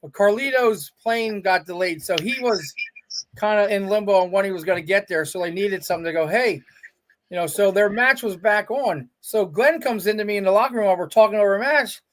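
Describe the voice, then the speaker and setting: In a relaxed storytelling interview, a middle-aged guest who spent years in indie pro wrestling recounts his career at a brisk clip. His voice is strikingly high, and he acts out every quote in the speaker's own voice, leaning on "I'm like" and "he goes."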